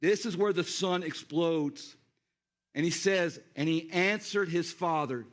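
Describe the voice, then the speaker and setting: Man preaching, high voice, animated, speaks straight to the congregation. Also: a little slow. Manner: animated, addresses the congregation directly, acts out scenes. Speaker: pastor. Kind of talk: sermon.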